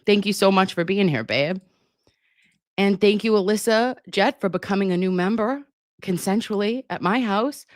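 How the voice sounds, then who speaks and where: A woman's voice: medium pitch, normal speed, no echo, clean studio sound. A woman in her forties, a nurse hosting a casual livestream, reading viewer comments in a chatty, giggly, sometimes flustered way and calling viewers babe. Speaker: nurse streamer hosting a live chat. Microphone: computer mic.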